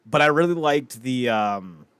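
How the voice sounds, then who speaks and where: A man co-hosting a podcast in casual chat, animated and profane, often laughing as he talks. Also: medium pitch, unhurried, clean tone, no room sound. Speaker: podcast co-host.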